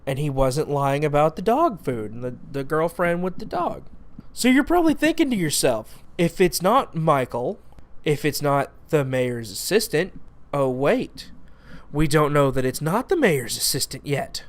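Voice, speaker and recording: Young guy ranting about a terrible movie, sarcastic, kinda high voice, smooth and clear. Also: sing-song, a little slow. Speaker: movie reviewer, show host. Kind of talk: casual movie review monologue.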